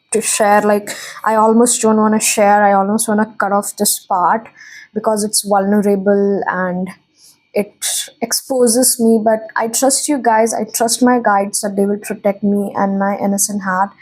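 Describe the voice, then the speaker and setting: A woman's voice: a little high, darkish tone, low-quality recording. A young woman from India, a tarot reader, talking earnestly and emotionally to her viewers, rambling and correcting herself as she goes. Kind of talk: spiritual channel talk to viewers.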